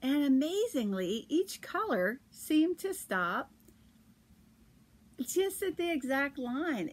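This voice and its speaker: A woman's voice: high-pitched, big pitch swings, slow pace, a little hiss or hum. A middle-aged woman hosting a podcast from her yarn shop, chatting casually and laughing often as she tells stories and shows knitting patterns. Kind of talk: casual chat about knitting.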